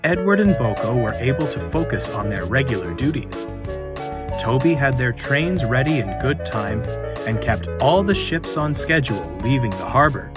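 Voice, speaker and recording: A man narrating a children's storybook, slow and expressive. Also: medium pitch.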